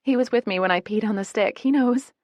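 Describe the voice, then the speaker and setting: A woman voicing an excited young woman who talks quickly and eagerly in an audiobook. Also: a little high, no echo, pitched above the performer's own voice, lightly acted.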